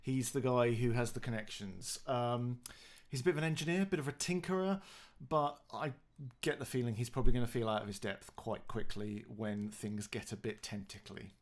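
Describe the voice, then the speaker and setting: A man with a mid-pitched voice chats casually as a tabletop game player. He jokes and hesitates, filling gaps with ums and uhs. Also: steady tone, brisk. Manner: joking, hesitant, with many fillers.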